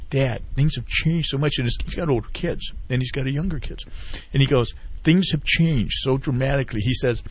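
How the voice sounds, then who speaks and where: A man's voice: medium pitch, slightly rough, dry recording. Earnest rambling man on a talk show. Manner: rambling storyteller who retells others' words. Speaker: veteran guest promoting a fishing group. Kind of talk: casual talk-radio interview.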